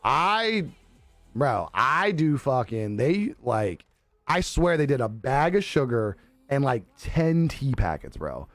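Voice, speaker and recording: A man's voice: medium pitch, sing-song, slow, dry recording, soft background music. A young man live streaming, chatting casually with viewers in a laid-back, profane way and laughing often. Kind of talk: casual chat reading viewer comments.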